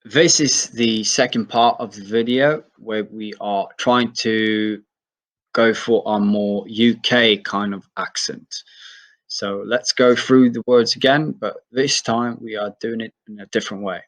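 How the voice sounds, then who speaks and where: A man from Sweden teaching English pronunciation, saying each word slowly and carefully and then using it in example sentences. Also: lowish voice, fairly even intonation, fairly bright tone. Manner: slow, careful word-by-word demonstration. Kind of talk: pronunciation lesson.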